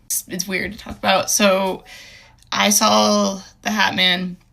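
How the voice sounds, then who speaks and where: A young woman telling a personal story in a halting, hesitant way, with many fillers and restarts, earnest and emotional. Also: medium pitch, level tone, creaky, sharp tone, slight background noise.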